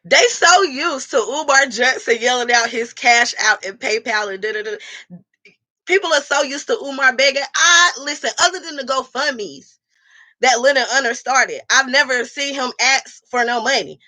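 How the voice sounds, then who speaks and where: A woman's voice: sits high, normal speed, bright, forceful tone. A woman talking casually with her livestream viewers, blunt and profane. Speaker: livestream host reading chat.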